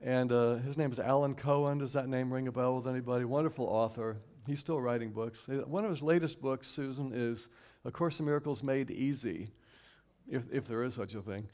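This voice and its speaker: A man from Houston speaking to a church congregation in a conversational sermon, repeating key lines slowly and inviting the audience to join in. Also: mid-range voice, darkish tone. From Houston, Texas. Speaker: guest speaker and singer at a church service. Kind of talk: inspirational sermon talk. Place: church sanctuary, live stream.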